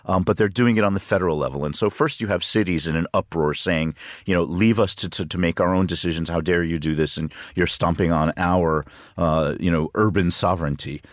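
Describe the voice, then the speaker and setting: A man talking as a studio guest on a news programme, chatty and halting, with fillers and restarts. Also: low voice, steady tone, no echo. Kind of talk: news discussion. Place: radio studio.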